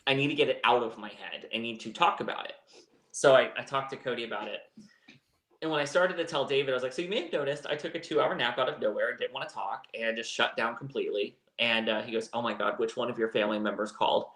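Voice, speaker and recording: A man's voice: medium pitch, fast, fairly bright tone, echoey room. A man co-hosting a live chat show, telling a personal story in a candid, rambling way. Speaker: co-host. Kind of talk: casual chat.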